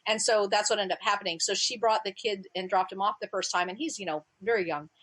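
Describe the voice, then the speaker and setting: A middle-aged woman, a birth educator and interview guest, telling lively stories and acting out quotes. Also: quick pace, poor audio. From United States. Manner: lively storyteller, acts out quotes in a higher voice. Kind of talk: animated storytelling in conversation.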